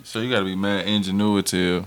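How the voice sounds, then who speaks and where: A man's voice: low-pitched, a little fast, slight background noise. A man co-hosting a casual podcast, joking around and telling stories in heavy slang. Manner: slangy, joking, animated storytelling. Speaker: podcast co-host. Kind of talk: casual chat.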